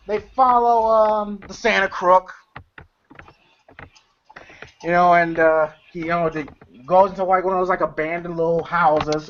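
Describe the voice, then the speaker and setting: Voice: mid-range voice, a bit bright. A movie reviewer in a rambling, casual chat who retells scenes with laughter and loose fillers, on a dull lo-fi recording.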